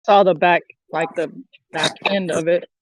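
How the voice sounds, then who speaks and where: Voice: medium pitch, fairly even intonation, a little slow, no echo. A caller on a casual online voice chat who talks bluntly and swears freely. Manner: blunt and profane. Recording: muffled voice-call audio.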